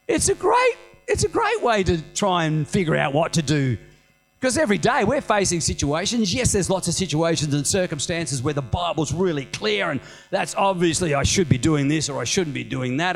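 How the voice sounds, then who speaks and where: A middle-aged man preaching a sermon as senior pastor, animated and conversational, with humorous self-mocking asides. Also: high-pitched, poor audio.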